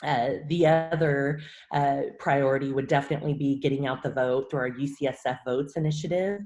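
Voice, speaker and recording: A woman's voice: a bass voice, fairly even intonation, a little mellow. Woman talking steadily, lots of "uh" fillers. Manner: frequent "uh" fillers and repeated words, measured. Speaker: university vice chancellor for government relations. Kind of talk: interview answer.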